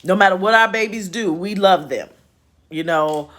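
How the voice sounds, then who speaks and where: A woman's voice: fairly low pitch, normal speed, fairly bright tone. A woman hosting a casual spiritual chat from home, folksy and chatty with laughing asides. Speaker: host. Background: home repair noise.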